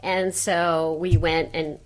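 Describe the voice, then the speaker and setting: A woman's voice: fairly low pitch, little pitch movement, slow. An older woman, a voice actress, chatting in a podcast interview and telling stories with lots of fillers and trailing phrases. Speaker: voice actress guest. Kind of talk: casual interview chat.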